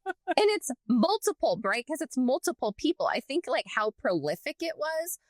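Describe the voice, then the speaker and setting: A woman co-hosting a podcast, chatting casually and telling a story in an animated way with lots of filler words. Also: high voice, moderate pace, no echo, studio quality. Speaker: podcast co-host. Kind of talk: casual chat.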